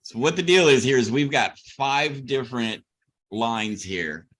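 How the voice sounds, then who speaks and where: A man's voice: mid-range voice, expressive, a little slow, a bit bright. A man hosting a casual live stream, teasing his guest with goofy pickup lines. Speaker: host.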